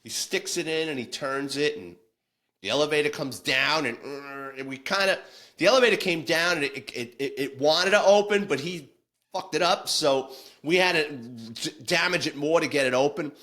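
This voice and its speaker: A former police detective with a slightly high, sharp-toned voice tells war stories at a moderate pace. His casual storytelling is blunt and salty, with frequent restarts.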